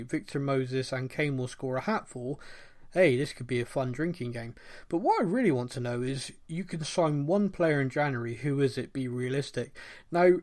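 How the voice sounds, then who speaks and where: A man with a Bristolian accent hosts a relaxed podcast, reading listener questions aloud in a medium voice. He laughs easily and pokes fun at himself between questions. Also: medium pitch. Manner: reads listener questions aloud, laughs often, self-deprecating. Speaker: podcast host. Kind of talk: casual podcast chat.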